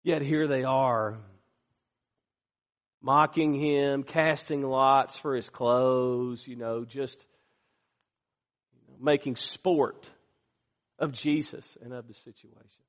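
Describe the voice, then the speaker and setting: A man preaching a sermon as pastor, swinging from hushed to loud. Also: medium pitch. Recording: long reverb of a large hall.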